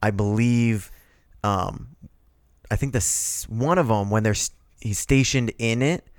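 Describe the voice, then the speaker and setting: Male podcast co-host, low wry voice, sarcastic casual talk, dry room. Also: unhurried, no room sound. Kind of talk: casual chat.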